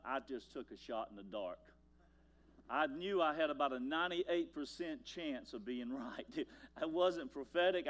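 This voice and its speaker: An older man preaching a sermon as pastor, telling folksy stories and swinging from loud lines to hushed ones. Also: medium pitch.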